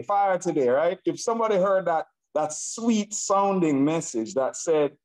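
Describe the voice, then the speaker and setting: A man's voice: on the high side, expressive, measured pace, a little mellow, poor audio. A man from Nigeria with a Nigerian accent, presenting an online webinar over a video call in an exuberant, repetitive way that hypes his audience.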